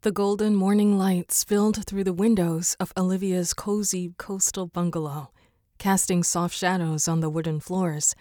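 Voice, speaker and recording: A woman narrates a storybook chapter with a gentle, even delivery. Her voice sits on the low side for a woman. The sound is dry and close, with no room around it. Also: normal speed, no room sound.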